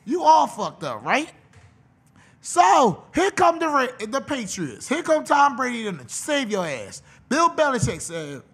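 A man's voice: extremely high pitch, wildly swooping pitch, measured pace, a bit bright, husky. A man hosting a podcast, delivering a profane, mocking comedic rant. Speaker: podcast host.

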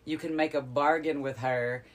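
A man in casual podcast chat, calmly explaining what he has read. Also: on the high side, normal speed. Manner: informative, explaining lore.

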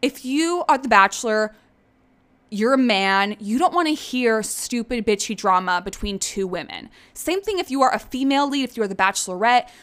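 A young woman with a fairly high voice hosts a casual solo podcast. She talks in a chatty, sarcastic way, swears freely and slips into mimicking voices to act out what others said. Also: expressive, normal speed, fairly bright tone. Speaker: podcast host.

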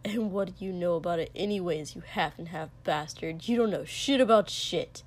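A woman voicing a surly young man with a low, hoarse, gravelly voice who mutters and swears in a storybook reading. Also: normal speed, lightly acted. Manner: muttering, sulky and sharp, swearing. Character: gruff young male warrior, hoarse, surly and crude.

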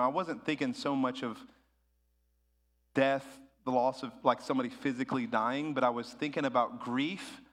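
A man, a pastor, preaching a sermon in a conversational way that rises into animated bursts of emphasis. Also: medium pitch, big-room sound.

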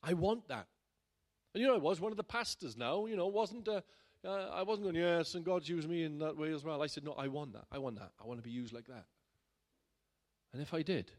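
A man, a pastor, telling a personal story in a sermon in a chatty way that builds to loud, emphatic bursts. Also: fairly high pitch, breathy edge. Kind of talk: sermon testimony.

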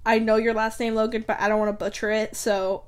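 A woman's voice: fairly high pitch, level tone, fairly quick. A young woman hosting a casual solo podcast from her bedroom, rambling with lots of fillers, giggles and self-corrections. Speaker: podcast host.

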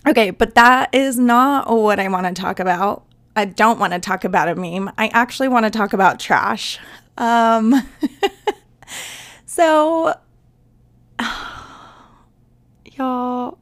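A young woman with a fairly high voice talks through her podcast in a loose, chatty way. She is a flight attendant telling workplace stories, breaks into laughter and mimics flustered passengers. The delivery feels casual and unscripted. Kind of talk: casual storytelling monologue.

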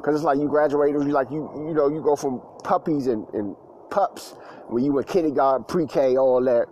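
A man's voice: medium pitch, normal speed, mellow, slight background noise, poor audio. A grown man telling stories in a casual monologue, with loose slangy talk full of fillers and repeats. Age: adult, past school age.

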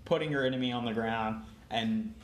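A man's voice: medium pitch, a little fast. A young man with a mid-range voice chats as a podcast guest, dry and tired, often laughing. The room is echoey, with a faint hum of noise. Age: young adult. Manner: dry, laughing, tired late-night delivery. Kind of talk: casual chat.

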